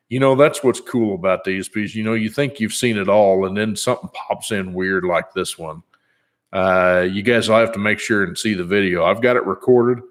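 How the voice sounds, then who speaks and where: A man in his fifties chatting casually on his vlog in a rambling, easygoing way, with many fillers. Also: fairly low pitch. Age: 50s. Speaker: channel host.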